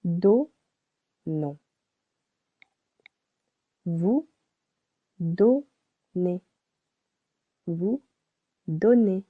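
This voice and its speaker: A woman teaches a beginner French lesson, spelling out letters and saying each example word twice. Her lowish voice is expressive, very slow, with long pauses. The recording sounds tinny, like a phone.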